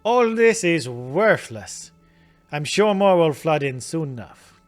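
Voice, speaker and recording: A man voicing a curt shopkeeper, put-on Italian accent, grumbling, animated pitch, soft game music. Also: slow pace. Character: gruff Italian-accented male trader, dismissive.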